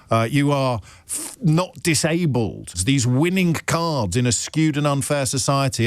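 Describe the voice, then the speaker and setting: A man's voice: mid-range voice, dry recording. A man delivering scornful opinion commentary in a cutting, mocking tone, played as a clip.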